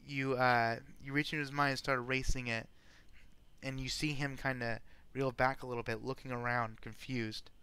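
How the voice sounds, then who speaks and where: Male game master, halting delivery, faint noise floor. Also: medium pitch, little pitch movement, pushed and bright. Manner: halting, restarts often. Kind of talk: narrating a tabletop game.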